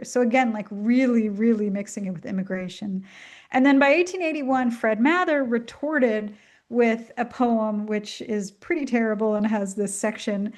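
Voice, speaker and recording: A woman's voice: fairly high pitch, normal speed, darkish tone. Upbeat woman with a slight cough. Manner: chatty and enthusiastic, with frequent ums and asides. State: coughing, at the tail end of a flu. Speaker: cartoonist giving a talk. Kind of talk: casual illustrated lecture.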